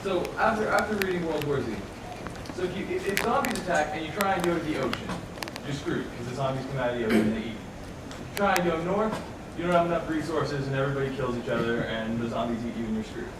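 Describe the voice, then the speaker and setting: A man's voice: a little high, quick pace. A man in the audience asking a long, rambling question at a convention panel. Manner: rambling, building up a worried scenario. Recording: echoey hall from far off, noisy crowd.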